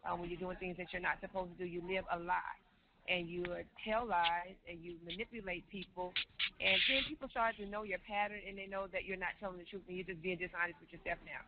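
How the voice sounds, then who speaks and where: A woman's voice: fairly low pitch, steady tone, fairly quick. A woman in her forties sharing her personal testimony as an interview guest, telling her story with emotion and repeating phrases. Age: 40s. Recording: tinny phone-line sound, faint noise.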